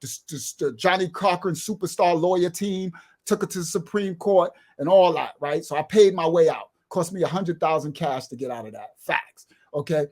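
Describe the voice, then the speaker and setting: A middle-aged man telling a street story in an animated way, acting out other people's voices and swinging from loud outbursts to low murmurs. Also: normal speed. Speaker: guest telling his life story.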